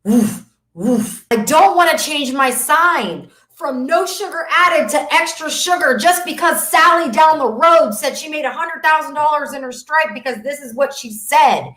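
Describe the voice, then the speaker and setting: A middle-aged woman giving a live motivational business talk, fervent and preachy, swinging between loud declarations and soft asides. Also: sits high, normal speed, few pauses, echoey room. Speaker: business coach.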